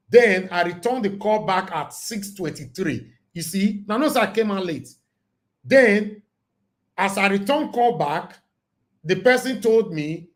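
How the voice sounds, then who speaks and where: A Nigerian man hosting a live call-in show, talking emphatically and preachily, with his voice going hoarse. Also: high-pitched, lively intonation, unhurried. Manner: emphatic and preachy, loud bursts. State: losing his voice. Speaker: host.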